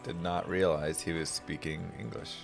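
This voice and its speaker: A man's voice: low-pitched, flat delivery, creaky, over music. A man streaming a game, chatting casually and dryly as he reads viewer messages and muses aloud. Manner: dry, unhurried, musing aloud.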